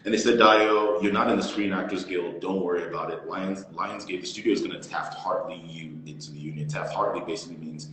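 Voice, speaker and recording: A man's voice: low-pitched, brisk, hardly any pauses, slight background noise. A man in his thirties, an actor guest, telling a story in an interview and acting out the other people in it. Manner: animated storyteller, acts out quoted voices. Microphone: phone or laptop on a live stream. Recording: very echoey with long reverb.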